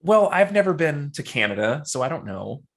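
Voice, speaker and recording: A man's voice: fairly high pitch, big pitch swings, moderate pace. A man co-hosting a podcast in casual chat, wisecracking and laughing often. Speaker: podcast co-host.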